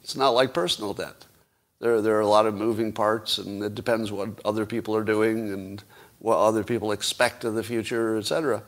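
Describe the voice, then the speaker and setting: A man's voice: fairly low pitch, level tone, a little fast. A man hosting a solo commentary show, talking casually and wryly, posing rhetorical questions with chuckling asides. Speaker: podcast host.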